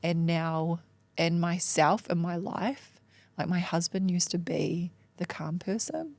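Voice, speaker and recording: A woman talks openly about herself in a podcast coaching chat, blunt and self-mocking, with casual swearing and frequent laughter. Her voice sits a little low and has a gravelly fry. The sound is close and dry. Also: slow, a little mellow, no room sound. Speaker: coaching client, mom and entrepreneur. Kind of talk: candid podcast coaching conversation.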